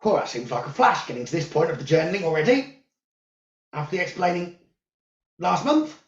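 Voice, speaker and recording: A man who works as a psychic medium, giving calm, soothing spiritual guidance about the new moon, crystals and journaling. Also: on the high side, a little fast. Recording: roomy, dull lo-fi sound.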